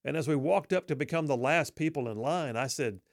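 A man's voice: a little high, a little fast, dry recording, studio quality. A middle-aged man telling a humorous personal story in a wry, self-deprecating, folksy way.

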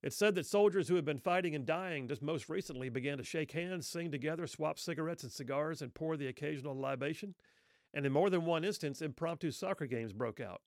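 Earnest man telling a story, gravelly voice. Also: on the high side, dry recording, studio quality. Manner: earnest, with rhetorical questions and pauses. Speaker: speaker telling a Christmas story. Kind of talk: reflective spoken storytelling.

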